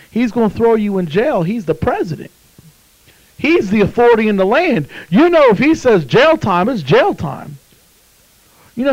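A man delivers a sermon in a high voice. He drops to a hush while telling a story, then climbs to fervent shouts. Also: dull audio. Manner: impassioned, swings from hushed to shouting. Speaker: preacher.

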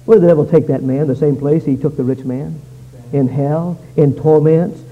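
A man preaching a fiery revival sermon, swinging between loud pleading and low, intense warnings. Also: fairly even intonation, normal speed, narrow, tinny audio.

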